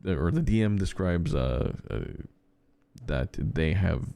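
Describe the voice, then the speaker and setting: Low-pitched male podcast co-host, dry recording; loose, rambling storyteller who restarts sentences. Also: expressive, a little slow, gravelly, dark tone, no echo. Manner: rambling anecdotes with frequent fillers and restarts. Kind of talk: casual chat.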